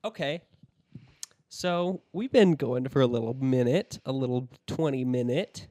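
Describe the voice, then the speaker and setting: A man's voice: medium pitch, unhurried, mellow. A young man hosting a casual podcast chat, laughing often and stumbling over restarts. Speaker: podcast host and editor.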